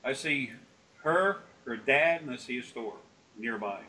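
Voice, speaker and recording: A man's voice: medium pitch, expressive, measured pace, pushed and bright, far from the mic, poor audio. A man talking as a spiritual consultant in a casual, rambling, folksy way, often acting out voices in his stories.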